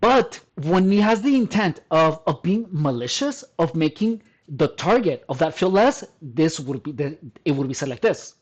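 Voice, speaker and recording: A man's voice: on the high side, lively intonation, normal speed, hardly any pauses, poor audio. A man talking straight to the camera in a casual monologue, emphatic, often repeating and restarting his phrases. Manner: addresses listener as dude and man. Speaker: personal trainer vlogger.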